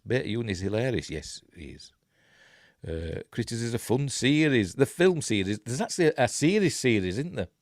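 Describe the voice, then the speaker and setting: A man's voice: mid-range voice, very animated, brisk, few pauses, no room sound, clean studio sound. A middle-aged man with a Yorkshire accent hosting a casual film breakdown, rambling through the plot with chuckling asides and chatting to viewers. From Yorkshire, England. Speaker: host of a film review show.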